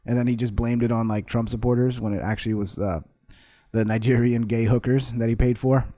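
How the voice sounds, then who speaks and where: A man's voice: mid-range voice, level tone, fairly quick, dark tone, no echo, studio quality. A man hosting his own vlog, ranting with sarcasm and constant swearing as he reacts to clips. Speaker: vlog host. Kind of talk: profane ranting commentary.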